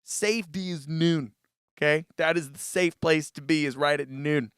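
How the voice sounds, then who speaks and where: Here a man with a fairly high, steady voice talks at a normal speed, sounding a bit bright and smooth, with no room sound and studio quality. As a laid-back music tutorial host, he loosely demos a live mixer through a vocal mic, says "dude" a lot, and uses his voice to show how it works.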